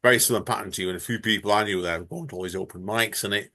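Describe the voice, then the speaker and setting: A man's voice: lowish voice, racing, sharp tone. A man hosting a podcast, chatting in a rambling, friendly way. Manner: rambling, friendly, laughs often. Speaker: podcast host. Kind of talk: casual chat.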